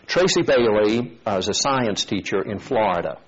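A man preaching a sermon, telling a story and acting out its voices in an animated way. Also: fairly low pitch, moderate pace, breathy edge, dull audio.

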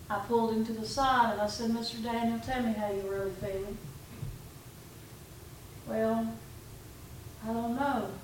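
Woman preaching in an echoey hall. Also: a little high. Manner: conversational storytelling preaching, quoting her own talks. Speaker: pastor. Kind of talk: sermon. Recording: echoey room from far off, faint background noise.

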